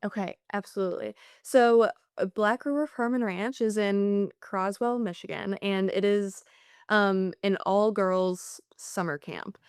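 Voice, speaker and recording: A young woman researcher talks through her study in a chatty, easygoing way. Her voice is clear and smooth, recorded dry and close. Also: medium pitch, measured pace, dry recording. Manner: relaxed, chatty with fillers like 'like'. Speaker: graduate researcher, guest. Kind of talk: casual interview explanation.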